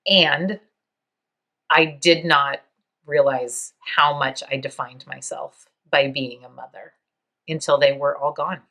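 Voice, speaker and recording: A woman in her fifties hosting a podcast, speaking in a reflective, halting way, close to tears and laughing softly now and then. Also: deep voice. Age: 50s. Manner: soft, halting, near tears, with small laughs. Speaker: podcast host. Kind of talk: reflective personal monologue.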